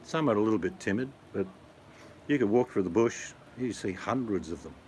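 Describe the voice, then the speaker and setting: A man's voice: lowish voice, expressive, a little fast, a little mellow, a little hiss or hum. A middle-aged man with an Australian accent, chatting casually and jokingly with his viewers. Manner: blokey, joking, rambling. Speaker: vlogger answering chat. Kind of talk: casual chat.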